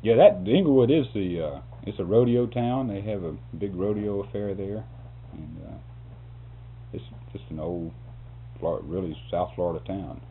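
A man's voice: fairly low pitch, moderate pace. A man telling a long story in a casual, rambling way. He chuckles often and restarts words. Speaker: interviewee telling a work story. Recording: phone-like lo-fi tape with faint hum.

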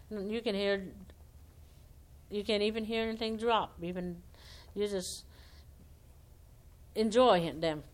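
A woman telling animal folktales aloud in a homespun, conversational way, acting out the characters' lines. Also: mid-range voice. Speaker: storyteller.

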